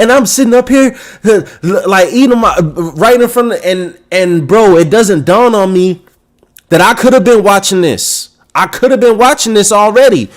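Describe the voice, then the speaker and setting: A young man hosting a casual talk show, telling a story in an animated, profane rant full of restarts. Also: high-pitched, unhurried. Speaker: podcast host.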